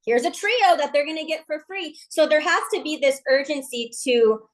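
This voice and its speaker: A high-voiced woman delivers a motivational talk to her sales team. She is emphatic and upbeat and drops folksy slang. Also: moderate pace. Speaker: MLM team leader on a call.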